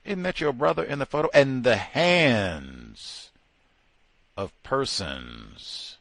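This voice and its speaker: A man's voice: mid-range voice, a bit bright, no echo, low-quality recording. A man hosting a radio talk show, giving impassioned, sarcastic commentary and drawing out key words for emphasis.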